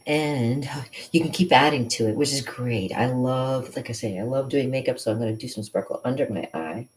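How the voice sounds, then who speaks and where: A woman's voice: very deep voice, normal speed, a little mellow, slight background noise. A woman vlogging casually while doing her makeup, rambling and laughing often in a playful way. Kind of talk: casual makeup vlog chat.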